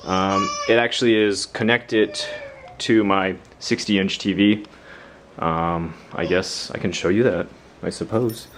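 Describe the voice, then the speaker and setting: A man's voice: sits low, steady tone, unhurried, a little hiss or hum. A young man giving a casual, rambling home-tour vlog inside his house, self-deprecating and full of fillers.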